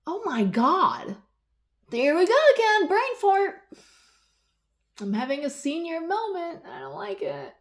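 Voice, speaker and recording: A woman's voice: extremely high pitch, wildly swooping pitch, unhurried, pauses often. Rambling, cursing woman ranting. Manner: rambling, profane, loses her train of thought; swings between loud exasperation and muttering. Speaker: vlogger. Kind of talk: casual rant.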